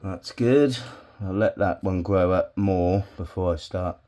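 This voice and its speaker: A man's voice: deep voice, unhurried, mellow. A man chatting casually to the camera while wiring a bonsai, swearing often and talking to himself. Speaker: bonsai hobbyist vlogger. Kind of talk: casual chat while working.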